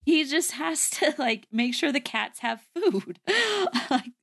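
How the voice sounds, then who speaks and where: A woman's voice: high voice, big pitch swings, takes it slowly, gravelly, a bit bright. A young woman co-hosting a podcast, chatting casually about a movie, laughing often and saying "like" a lot. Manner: giggly, lots of "like" and laughter. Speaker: podcast co-host.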